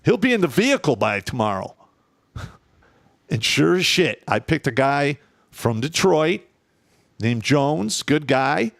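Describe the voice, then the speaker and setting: Gravelly blunt man telling war stories. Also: a little high, a little slow, long pauses, no room sound, clean studio sound. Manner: profane, blunt, animated storyteller. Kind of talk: casual storytelling chat.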